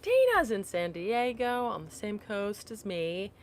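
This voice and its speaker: A livestream host chats with viewers on her upright phone, laughing frequently, apologizing and getting easily distracted. She has a medium-pitched, sing-song voice at a measured pace, with a little hiss or hum in the audio.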